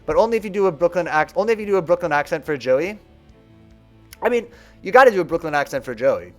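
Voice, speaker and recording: A man's voice: on the high side, animated, quick pace, soft background music. A man streaming a card video game, chatting casually and rambling about how people play. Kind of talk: casual gameplay commentary.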